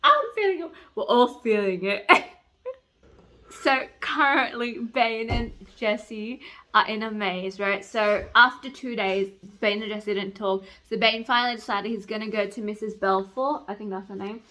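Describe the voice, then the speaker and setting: A young woman talking about a book in a casual vlog. She is excitable, swears freely and says "like" a lot. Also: medium pitch, measured pace. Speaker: book vlogger. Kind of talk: casual reading vlog chat.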